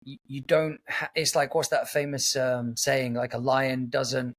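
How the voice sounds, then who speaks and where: A man hosting a casual podcast chat, an animated and chatty storyteller. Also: mid-range voice, a little slow. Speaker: podcast host.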